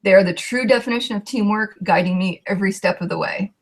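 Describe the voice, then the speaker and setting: A woman's voice: mid-range voice, quick pace. A young woman, a coach, telling her personal story with heartfelt emotion and a voice that shakes at times.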